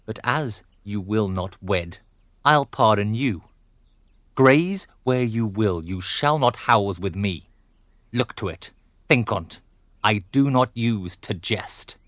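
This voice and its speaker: A man playing a furious, domineering noble father in a classical drama, blustering between growls and shouts. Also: lowish voice, expressive, slow pace, dry recording, studio quality. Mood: raging.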